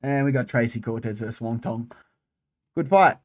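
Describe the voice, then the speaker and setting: Guy, casual solo fight chat, animated and sweary, mid-pitched. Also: normal speed. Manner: animated, frequent swearing, repeats phrases. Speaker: MMA channel host.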